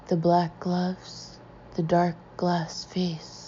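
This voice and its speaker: A haunted young woman adrift in a hypnotic trance, voiced by a woman narrator, murmuring in a thin, low, breathy voice. The audiobook recording is dull and lo-fi. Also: level tone, extremely slow, dark tone, a little hiss or hum, heavily acted.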